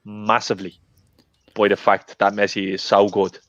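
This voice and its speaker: A man rants with heat and emphasis during a podcast chat, swearing often. His voice is low, and it comes through a dull, lo-fi mic with a dry sound. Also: monotone, normal speed, fairly bright tone, dry recording. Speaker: podcast co-host.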